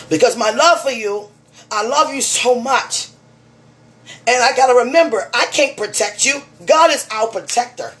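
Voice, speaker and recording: A woman's voice: fairly high pitch, normal speed, long pauses, fairly bright tone. A woman giving a fervent, emotional spiritual message to one listener, preaching and repeating her phrases.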